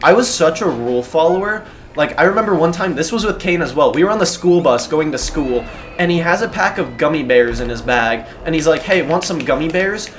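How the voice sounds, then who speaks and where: A man casually telling a personal story in an animated, self-deprecating way, swearing freely. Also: a little high, brisk, soft background music.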